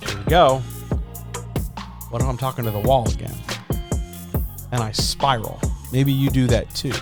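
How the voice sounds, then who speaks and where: A man in his forties hosting a live stream, chatting in a conversational, self-deprecating way with lots of rhetorical questions. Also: mid-range voice. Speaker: streamer host. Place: small home studio. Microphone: studio microphone. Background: background music.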